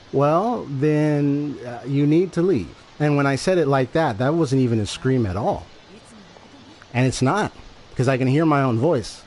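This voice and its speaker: A man streaming a game and talking to his chat from a home setup, speaking into a desk microphone. He rambles and repeats himself as he explains his point over and over. His voice sits at a medium pitch, with a faint hiss behind it. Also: a little mellow. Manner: rambling, repetitive, defensive explaining. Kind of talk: casual livestream talk to chat.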